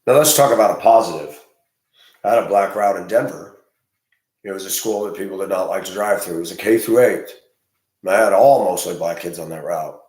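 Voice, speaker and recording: A man's voice: low-pitched, a little fast. Blunt rambling man in an echoey room. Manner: blunt, rambling, gets heated and loud. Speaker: school bus driver. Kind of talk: opinionated monologue.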